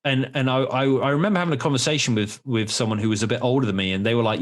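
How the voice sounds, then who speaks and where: A man's voice: mid-range voice, rapid-fire, few pauses. A man in his forties hosting a podcast, telling candid, rambling stories in casual chat with some swearing. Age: 40s. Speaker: podcast host.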